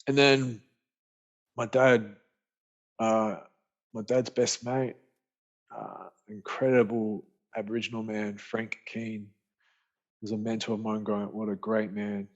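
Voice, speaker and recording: A man tells his own story as a podcast guest, slangy and animated, acting out what his friends said. His voice sits low. The recording is muffled and lo-fi. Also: unhurried, long pauses. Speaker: podcast guest, author and speaker. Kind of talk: storytelling in casual conversation. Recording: muffled lo-fi audio.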